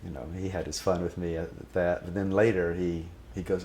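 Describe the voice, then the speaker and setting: Deep-voiced man recounting a spiritual memory. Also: normal speed, a little hiss or hum. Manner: animated, reverent, quoting others vividly. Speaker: storyteller. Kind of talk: personal anecdote with recited passages.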